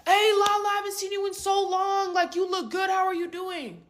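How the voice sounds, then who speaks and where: A woman voicing a suave young man who eagerly greets an old classmate in a bright, polished way. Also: extremely high pitch, steady tone, moderate pace, pitched above the performer's own voice. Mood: friendly.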